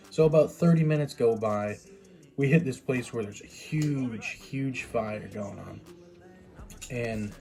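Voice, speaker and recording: Young guy telling a story, rambly, mellow voice, bit of music in the back. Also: mid-range voice. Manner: rambling, quick asides and restarts. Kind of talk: casual storytime monologue.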